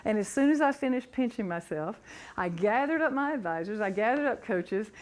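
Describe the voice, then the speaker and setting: Middle-aged woman, higher voice, giving a motivational talk, lively storyteller. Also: brisk. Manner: animated storytelling, builds from hushed to excited. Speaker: motivational speaker.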